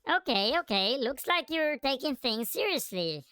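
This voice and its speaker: A woman's voice: sits high, big pitch swings, unhurried, bright, forceful tone, clear, resonant tone, no room sound, soft background music. Teasing, sarcastic woman co-presenter. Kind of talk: scripted comic banter.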